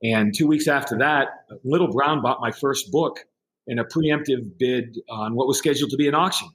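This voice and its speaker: A man's voice: medium pitch, normal speed. Brief: middle-aged male guest spinning an anecdote, conversational, mid-range voice. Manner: animated anecdote-telling with quoted voices. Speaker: podcast guest. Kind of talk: casual storytelling.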